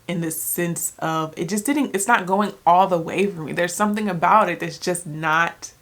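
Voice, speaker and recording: Young woman, rambling casual vlogger, slightly low voice. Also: moderate pace, a bit bright. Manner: chatty, rambling, many "like"s and restarts; talking while eating. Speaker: book vlogger. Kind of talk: casual vlog chat.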